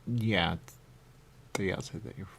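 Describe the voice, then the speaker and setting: A man's voice: low voice, measured pace, vocal fry, a bit bright, slight background noise. A man hosting a talk show, rambling playfully with sing-song repetitions and riffs. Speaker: radio show host.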